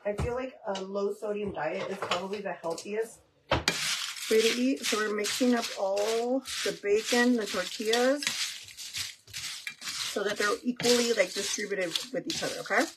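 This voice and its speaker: In a steady, medium-pitched voice at a moderate pace, a mother vlogs while cooking at home, chatting casually with her audience and her child. Background kitchen noise is audible.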